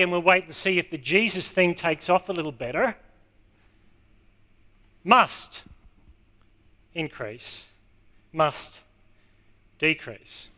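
A man preaching a sermon to a congregation, stressing key words and repeating them slowly. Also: sits high, pushed and bright. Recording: long hall reverb.

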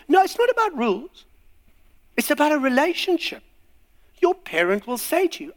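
A man's voice: sits high, sing-song, normal speed, long pauses, fairly bright tone. A man preaching a sermon, acting out little scenes and voices as he goes. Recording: long hall reverb.

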